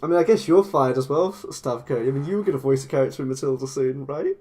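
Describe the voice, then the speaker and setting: A man's voice: mid-range voice, quick pace, dark tone. An English man chatting casually on a live stream while making clay models. He rambles and laughs often. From England. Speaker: claymation streamer.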